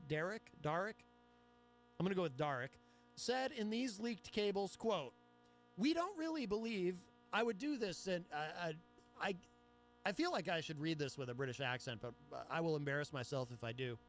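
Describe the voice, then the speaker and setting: Chatty sarcastic radio host, high voice. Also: male voice. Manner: chatty and sarcastic, reads news aloud with asides. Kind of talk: solo talk radio commentary.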